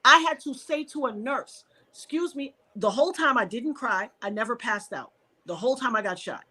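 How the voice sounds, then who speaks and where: A woman's voice: brisk, slightly rough. A woman from New York, a podcast guest, telling an emotional personal story and acting out the voices of the people in it. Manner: animated, reenacts dialogue with sharp pitch jumps.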